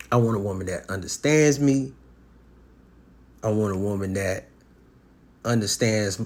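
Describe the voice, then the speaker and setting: A man talks through his dating advice in a loose, blunt monologue. He is profane and streetwise and leans on sports comparisons. His pitch sits in the middle for a man. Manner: blunt and animated, with sports analogies and acted-out quotes. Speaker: podcast host giving relationship advice. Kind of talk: casual monologue.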